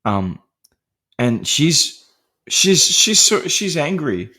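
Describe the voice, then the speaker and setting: A man's voice: fairly high pitch, sing-song, drawn-out words, bright, forceful tone. A man hosting a podcast, talking through a film in a casual, rambling way with many fillers and restarts, laughing lightly between points. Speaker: podcast host discussing horror films.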